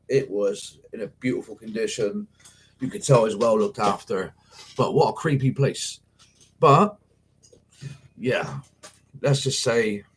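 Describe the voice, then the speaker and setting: A man's voice: mid-range voice, slight background noise, low-quality recording. Sweary man chatting on a livestream. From England. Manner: rambling, sweary storytelling with mates' slang. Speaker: paranormal investigator hosting a livestream. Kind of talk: casual live chat with viewers.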